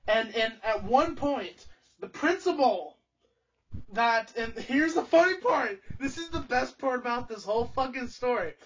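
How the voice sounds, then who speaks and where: A young adult live streamer rambles through a long grievance, cursing freely and stumbling into restarts. The voice sounds a little husky and sits well back from a muffled, lo-fi microphone. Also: medium pitch, lively intonation, a little slow. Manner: heavy swearing, angry, restarts a lot. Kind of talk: casual rambling storytelling. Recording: distant, dull lo-fi stream audio.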